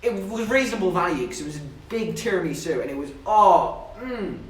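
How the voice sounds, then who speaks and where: A man's voice: high-pitched, lively intonation, very fast, far from the mic. A young man from southern England chatting casually to his livestream chat, telling stories with giggles along the way. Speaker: streamer. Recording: echoey room, voice a bit off-mic.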